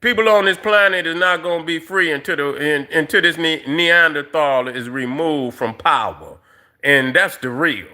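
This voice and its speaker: Middle-aged guy ranting on his livestream, kinda high voice, cussing and rambling a lot. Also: moderate pace, pushed and bright. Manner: profane, rambling, heavy fillers, addresses viewers as family. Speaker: livestream host. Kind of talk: casual livestream rant.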